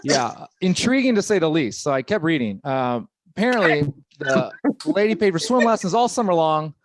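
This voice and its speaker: A man's voice: fairly high pitch, very animated, normal speed, noisy background. A young man with a California accent doing stand-up comedy, often putting on the voices of people in his jokes. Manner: joking, acts out voices of people in his bits.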